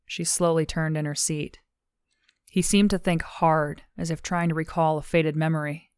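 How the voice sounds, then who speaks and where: A woman narrating an audiobook in measured, even storytelling, recorded on a close studio mic. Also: sits low, clean tone, no echo.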